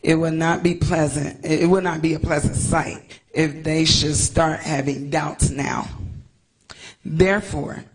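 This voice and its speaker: A woman from the United States giving an emotional statement at a press conference, tearful and halting, stumbling over her words. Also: sits low, steady tone, poor audio. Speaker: investor speaking at a press conference.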